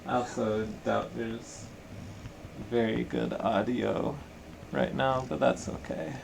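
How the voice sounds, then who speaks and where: A man casually chatting on a home livestream, relaxed and rambling, picked up by a camera mic at home. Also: mid-range voice, takes it slowly, gravelly. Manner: relaxed, rambling, chuckling asides. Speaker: stream caster. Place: home room. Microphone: computer camera mic. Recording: noisy room ambience.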